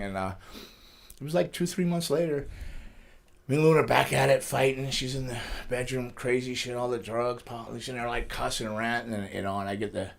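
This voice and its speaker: Middle-aged man, rapid speech, rambling storyteller, laughs often, studio interview. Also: mid-range voice, vocal fry. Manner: rambling, laughs through his stories. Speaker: wrestler guest.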